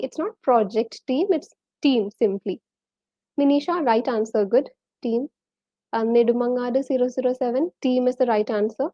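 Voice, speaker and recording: A woman's voice: on the high side, warm tone, no echo, lo-fi sound. A woman with a Malayali accent teaching a live online English lesson, quizzing viewers and reading out their names and answers.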